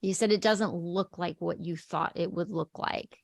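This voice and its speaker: A woman's voice: lowish voice, fairly even intonation, normal speed, creaky, no echo. Host lady, slight texas accent, eager and chatty, dry close sound. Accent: light Texan. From El Paso, Texas. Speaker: podcast host. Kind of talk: casual interview.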